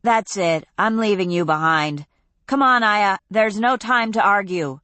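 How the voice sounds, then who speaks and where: Scornful tough girl, woman narrator; forceful, blunt, slow. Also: medium pitch, no room sound, voice pushed up.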